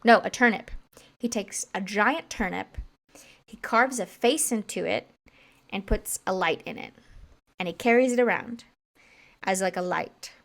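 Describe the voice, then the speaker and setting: A woman co-hosting a podcast, telling a story in a rambling, chatty way with quick asides and self-corrections. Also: medium pitch, a bit bright. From Irish heritage, American. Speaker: podcast co-host. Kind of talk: casual chat, storytelling.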